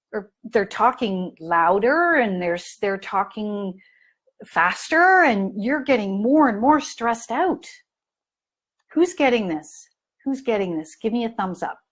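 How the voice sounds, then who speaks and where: A woman's voice: on the high side, slow pace. A middle-aged woman coaching parents in a live training talk, telling stories and acting out the people in them. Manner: animated storytelling, acts out scenes in lively voices.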